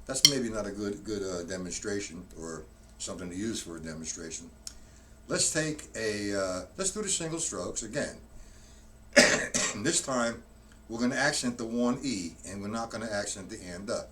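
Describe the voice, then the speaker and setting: A man's voice: lowish voice, animated, moderate pace, very noisy. A man teaching drums in a live-streamed lesson, explaining each step plainly and often restarting his sentences. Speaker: drum teacher. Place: room with a drum kit. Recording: distant mic with loud drumming. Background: loud drumming.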